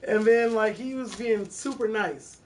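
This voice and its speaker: A man's voice: high-pitched, a little slow, background noise. A man with a Detroit accent, a music producer talking casually and profanely to his livestream viewers from a recording studio, laughing between remarks. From Detroit, USA. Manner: loose, profane, frequent laughing asides.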